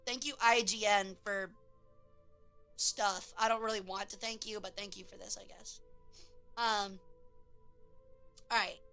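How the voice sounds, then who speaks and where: A young woman streamer chatting casually, swearing, laughing and breaking into loud silly voices. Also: mid-range voice, steady tone, a little slow, creaky, long pauses, clean tone, faint music behind.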